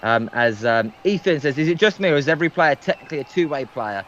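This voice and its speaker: A man's voice: a little high, animated, fast talker, a bit bright, lo-fi sound, a little hiss or hum. A man calling baseball play-by-play on a livestream, hesitant and full of filler ums. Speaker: guest play-by-play commentator.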